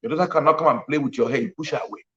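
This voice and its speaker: Emphatic pastor, lo-fi sound. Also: male voice, fairly high pitch, rapid-fire. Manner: emphatic, repeats key lines. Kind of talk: sermon.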